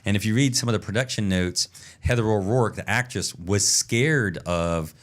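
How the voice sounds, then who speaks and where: A man's voice: lowish voice, moderate pace. A man co-hosting a podcast in casual chat, rambling through a story and acting out the sounds. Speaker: podcast co-host.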